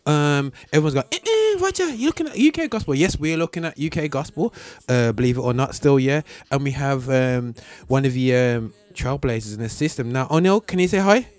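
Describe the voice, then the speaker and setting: A man's voice: mid-range voice, normal speed, few pauses, a little mellow, no echo. A man hosting a radio show, chatting casually and joking, with lots of fillers and repeated words. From United Kingdom. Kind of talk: casual chat.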